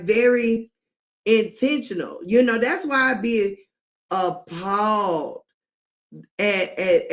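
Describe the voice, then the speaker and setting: A middle-aged woman hosting a live commentary stream, talking emphatically and drawing out words, with frequent laughs. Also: mid-range voice. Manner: emphatic, drawn-out, laughs often.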